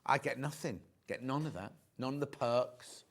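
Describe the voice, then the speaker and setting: A man's voice: mid-range voice, normal speed. A British man presenting a live sewing shopping show, chatty and teasing as he reads out prices and viewer messages in a TV studio.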